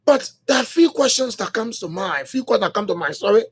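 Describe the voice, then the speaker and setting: A Liberian man hosts a morning radio talk show in a studio, his voice sitting notably high for a man. He thinks out loud in a loose monologue, circling back to the same phrases and filling pauses with hesitant fillers and restarts. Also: expressive, breathy edge. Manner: rambling, repeats phrases, many fillers and restarts.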